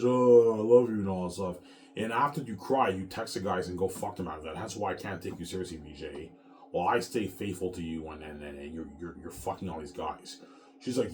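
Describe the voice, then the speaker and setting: A man in his thirties, an author talking casually to his viewers in a rambling, profane rant, repeating words and tacking "man" onto his sentences. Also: low-pitched. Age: 30s. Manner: repeats words and restarts often. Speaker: author vlogger.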